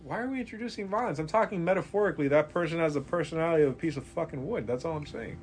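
A man's voice: a little high, racing. A man in casual chat at a comic shop, blunt and swearing a lot, saying bro.

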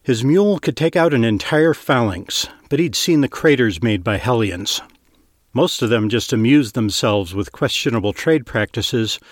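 A man reading scripted fiction narration in a steady, even storytelling manner, close to the mic. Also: mid-range voice, dry recording.

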